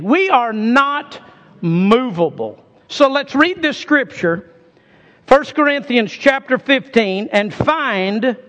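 Male preacher, sermon, high voice, folksy, call-and-response, long hall echo. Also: fairly bright tone. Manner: folksy, calls on the congregation to answer.

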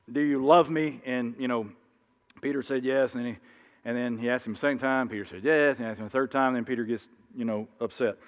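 Male preacher, casual storytelling sermon, rambling with restarts, dull lo-fi audio, long hall reverb. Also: mid-range voice. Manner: rambling, many restarts, acts out voices in anecdotes.

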